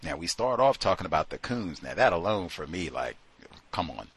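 Emphatic lower-voiced male host. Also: sing-song, normal speed, husky. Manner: emphatic, incredulous, conversational. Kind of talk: casual commentary on listener stories.

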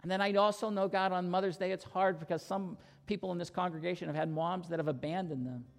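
A man's voice: high voice, steady tone, quick pace, vocal fry. A male pastor preaching an earnest sermon and telling stories to his congregation in a church. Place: church sanctuary. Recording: long reverb in church hall.

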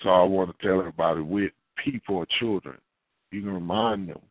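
A man preaching a sermon as a pastor, animated and acting out little dialogues, with repeated words. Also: low-pitched, a little fast, no echo. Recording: tinny phone-like line.

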